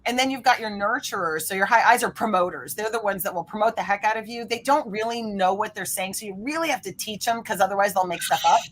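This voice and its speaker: A woman speaking as a podcast guest, explaining networking styles in an energetic way and acting out the people she quotes. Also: mid-range voice, quick pace, hardly any pauses, slight background noise. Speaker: guest, referral coach. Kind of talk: animated podcast interview talk.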